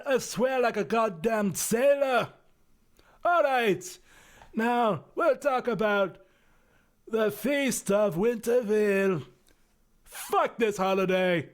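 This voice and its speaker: A man doing a crude, swearing male reindeer with a thick Scottish accent, pitched up high and barking his rant loudly. He is a cartoonish web-video character who hates everything in sight. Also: heavily acted. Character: foul-mouthed male reindeer ranting.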